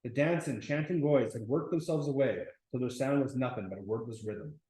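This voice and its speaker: A man's voice: mid-range voice, brisk, warm tone. A man reading a novel aloud in class, stopping now and then to explain it, with restarts along the way. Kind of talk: classroom read-aloud with commentary.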